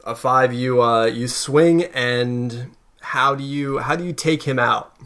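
A man narrating as game master in a tabletop game, in a relaxed, halting way. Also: medium pitch. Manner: relaxed, hesitant narration with fillers.

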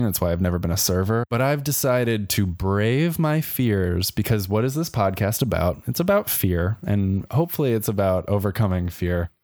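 Recorded with crisp studio clarity and no room sound, a young man with a fairly low, slightly mellow voice co-hosts a podcast. He's a jokey storyteller, recounting history in a relaxed comedic chat and slipping into playful voices.

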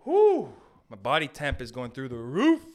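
A man's voice: medium pitch, wildly swooping pitch, fairly quick, fairly bright tone. A man from Canada hosting a podcast, doing a hyped-up, jokey comedic rant. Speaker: podcast host.

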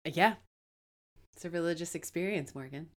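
A woman's voice: fairly low pitch, normal speed. A woman co-hosting a podcast, discussing a book in a wry, conversational way. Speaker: podcast co-host. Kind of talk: casual discussion.

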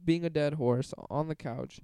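Young male co-host fighting a cold, mild and soft, dark mellow timbre, dry mic. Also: on the high side, normal speed, clear, resonant tone, dry recording. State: sick, low energy. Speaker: podcast co-host, musician. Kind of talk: casual chat.

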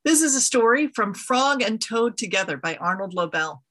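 A woman who leads an ethical society, reading a children's story aloud in a gentle storytelling manner. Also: a little high, expressive, moderate pace. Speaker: interim leader of an ethical society.

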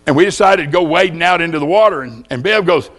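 An older man with a drawl preaches with folksy humor, spinning homespun tales. His voice sits high for a man and swoops up and down with animation. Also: expressive, quick pace, fairly bright tone. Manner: folksy storytelling with jokes. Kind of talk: sermon.

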